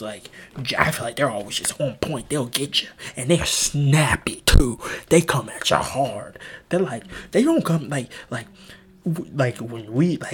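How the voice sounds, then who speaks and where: A young man hosting a podcast, rambling in casual chat with frequent stammering restarts. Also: mid-range voice. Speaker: podcast host.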